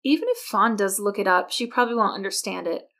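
A woman voicing a shy, wry teenage girl in an audiobook story, speaking in a dry, hesitant way with a gravelly edge. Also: medium pitch, animated, fast talker, a bit bright. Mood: dry, doubtful.

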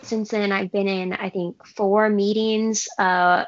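A young woman, a professional runner, chatting in a plain, measured way. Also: medium pitch, level tone. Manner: plain, measured, some uh fillers. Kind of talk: casual chat. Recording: dull lo-fi audio.

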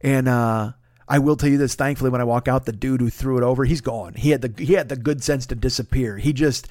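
Swearing constantly, a comedian and show host delivers an exasperated storytelling rant packed with rhetorical questions. He speaks briskly in a medium-pitched, darkish voice with fairly even intonation, recorded at studio quality with no room sound.

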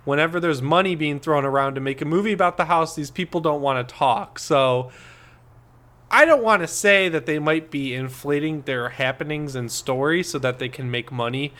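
A man's voice: a little high, normal speed, pushed and bright. A man co-hosting a podcast in casual chat, sarcastic and swearing freely, laughing often. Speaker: podcast co-host.

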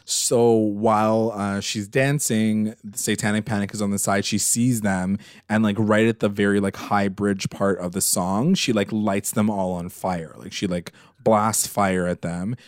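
A man with a somewhat low voice talks through a show recap in a loose, rambling way. He leans on fillers and throws in casual swearing. The sound is dry and close, with no room around it. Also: steady tone, a little slow, few pauses, no room sound. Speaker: podcast co-host.

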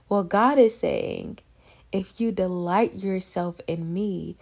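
Gravelly-voiced young woman, near tears. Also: mid-range voice, steady tone, measured pace, a little mellow. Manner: emotional, on the verge of tears; conversational, addresses listeners as y'all. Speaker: podcast host sharing faith testimony. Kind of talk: casual devotional talk.

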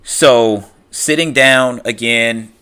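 Bright-voiced man casually recapping a film. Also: medium pitch, extremely slow, clean tone. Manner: loose retelling with many fillers and "he's like" quotes.

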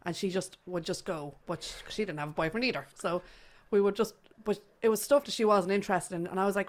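A woman from Ireland with an Irish accent, hosting a casual chat and telling stories quickly with frequent laughter. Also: medium pitch. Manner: chatty, laughing, quick storytelling. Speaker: host.

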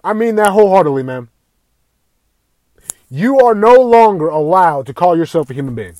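A man's voice: high voice, very animated, moderate pace, a little mellow, dry recording. A man delivering an angry, profane rant to camera, swearing constantly and raising his voice at times. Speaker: video ranter.

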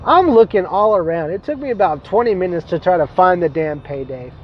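High-voiced young man ranting, lo-fi. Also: a little fast, a little hiss or hum. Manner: animated, profane, exasperated ranting. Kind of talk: casual storytelling vlog.

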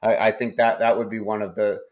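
Hombre de voz grave con acento de New Hampshire. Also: male voice, on the low side, flat delivery, dull audio. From New Hampshire, United States. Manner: halting, repeats words often. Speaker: company CEO, guest. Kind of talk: interview.

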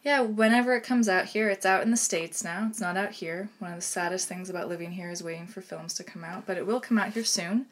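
A woman co-hosting a film podcast, chatty and enthusiastic, often trailing into softer asides. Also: medium pitch, fast talker, hardly any pauses. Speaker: podcast co-host. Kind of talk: casual chat.

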